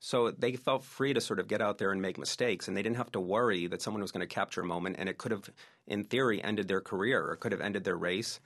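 A man's voice: fairly low pitch, quick pace, fairly bright tone. A man, a researcher and oral historian, eagerly telling anecdotes as an interview guest.

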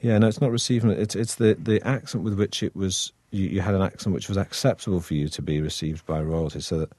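A deep-voiced man from the north of England, his northern accent smoothed toward received pronunciation. He talks in a loose, wry, chatty way, full of ums and false starts. The sound is close and dry. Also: steady tone, fast, a little mellow, no echo. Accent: northern English, softened toward received pronunciation. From Manchester, England. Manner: chatty and wry, with frequent fillers and restarts. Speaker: actor guest. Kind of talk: relaxed conversational interview.

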